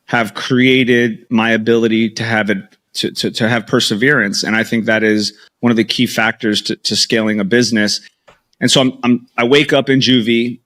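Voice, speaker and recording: Man, 30s, low voice, interview guest, candid storytelling, quoted dialogue. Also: a bit bright. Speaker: podcast guest, entrepreneur.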